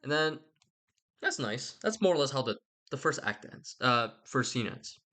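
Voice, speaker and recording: A man's voice: mid-range voice, big pitch swings, normal speed, sharp tone. A young man giving a rambling, casual retelling of a story, irreverent and slangy, swearing and interrupting himself. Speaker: channel host.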